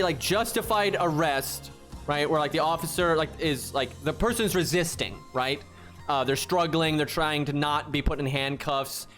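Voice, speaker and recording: A man's voice: high voice, fairly bright tone. A man streaming a game, ranting in casual talk and swearing freely, with a "right?" after nearly every point. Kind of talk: casual live-stream rant.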